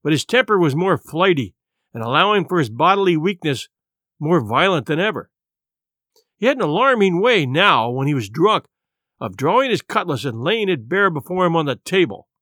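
A male audiobook narrator telling a classic adventure tale with expressive, measured delivery. His voice is fairly high and his pitch moves animatedly. The recording is dry and close to the mic. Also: no room sound. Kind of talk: scripted narration.

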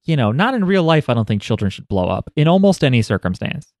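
A man's voice: mid-range voice, very animated, quick pace, darkish tone, no echo, studio quality. A man casually talking over an anime episode with a co-host, sarcastic and joking, swearing freely. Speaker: podcast co-host.

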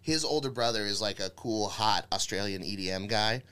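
A man's voice: lowish voice, moderate pace, bright, forceful tone, clear, resonant tone. A man, a comedian guest on a podcast, telling crude joking stories in casual chat.

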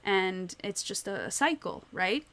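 A woman's voice: mid-range voice, measured pace. A woman in a casual book discussion, retelling scenes with lots of "like" and "you know.". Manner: animated storyteller, retelling scenes with many "like"s.

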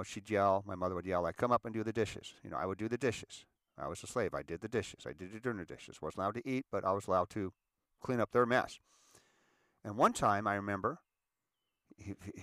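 A man in his fifties telling his own life story to an audience, earnest and halting, often repeating words as he restarts. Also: lowish voice, a bit bright, no echo, clean studio sound. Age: 50s. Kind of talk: personal monologue addressing an audience.

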